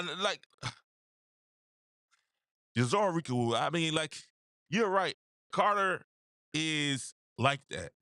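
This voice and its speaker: Animated high-voiced man hosting a stream. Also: no room sound, studio quality. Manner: animated, repeats phrases, greets viewers by name; casual slangy delivery. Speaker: host. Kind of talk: live stream basketball talk with chat shout-outs.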